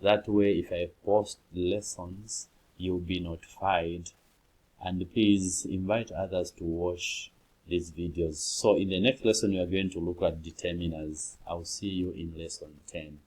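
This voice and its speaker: A man teaching an online English grammar lesson, explaining patiently and acting out example exclamations with sudden jumps in pitch. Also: fairly even intonation, unhurried, a little mellow.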